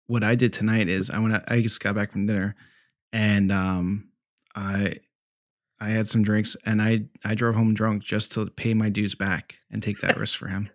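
A man's voice: lowish voice, little pitch movement, normal speed, no echo, clean studio sound. A man co-hosting a casual podcast, a student pilot who jokes and rambles. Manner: joking, rambling.

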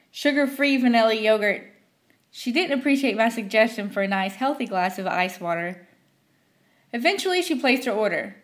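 A young woman from Southwest Virginia with an Appalachian accent, narrating personal stories in a wry, self-deprecating way. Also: on the high side. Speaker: storyteller podcast host. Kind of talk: scripted story narration.

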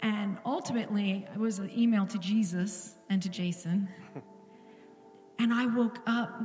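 A woman's voice: mid-range voice, steady tone, measured pace, a little mellow, roomy sound, long reverb tail, faint music behind. A woman pastor giving an earnest, intimate sermon in a church, at times dropping to a whisper. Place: church sanctuary.

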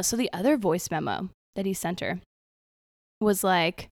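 Young woman cohost, animated gossip storyteller, dry close mic. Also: medium pitch, slow, dry recording. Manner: animated storytelling, quoting people with "he's like". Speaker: podcast co-host. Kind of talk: casual chat, retelling a gossip story.

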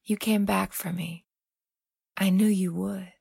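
Woman doing proud old outcast woman, grieving, emphatic, gravelly and husky. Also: medium pitch, steady tone, slow pace, darkish tone, no echo, clean studio sound, exaggerated voice. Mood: tearful relief.

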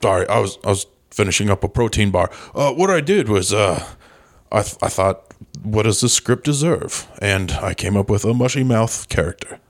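A pompous British film star talks in a low, deadpan voice with a put-on British accent, full of himself, as a man plays him for a comedy podcast bit. The delivery stays dry and unbothered throughout. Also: moderate pace. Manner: deadpan, self-important.

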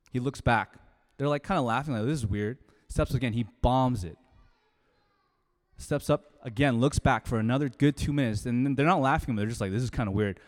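A man in his thirties preaching a sermon, telling a personal story in a conversational way with sudden loud emphasis. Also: medium pitch. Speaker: pastor. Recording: long hall reverb.

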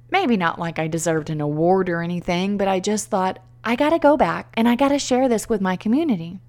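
Middle-aged lady telling a story casually, animated, does little voices for people. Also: medium pitch. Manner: animated, acts out quoted voices.

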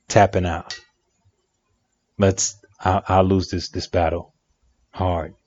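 Low-voiced man giving relationship advice. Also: a little mellow. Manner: emphatic, repeats phrases for effect. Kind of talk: reflective monologue. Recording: dry, dull lo-fi sound.

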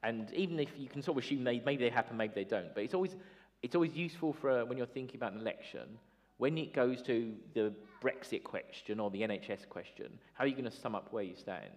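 A man in casual political chat, chatty and animated, with lots of fillers. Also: medium pitch, quick pace. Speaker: political commentator, former party staffer.

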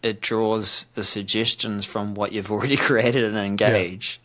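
A man with a fairly low voice hosts a casual tech podcast. He runs through software news and drops wry, teasing remarks along the way. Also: fairly even intonation, a little slow. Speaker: podcast host.

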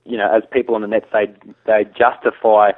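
A man's voice: on the low side, flat delivery, brisk, no room sound. A man, a hunter guest talking casually and opinionatedly, with many restarts. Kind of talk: casual conversation. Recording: tinny phone line.

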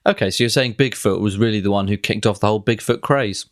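A man's voice: lowish voice, fast talker. A man co-hosting a comedy podcast, joking playfully and backpedalling in banter. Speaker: podcast co-host.

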